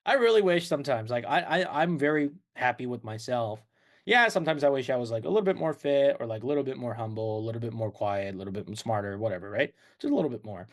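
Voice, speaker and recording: A man's voice: mid-range voice, animated, quick pace. A man co-hosting a podcast in casual chat, rambling and laughing often. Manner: rambling, laughs often, slips into playful voices. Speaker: podcast co-host.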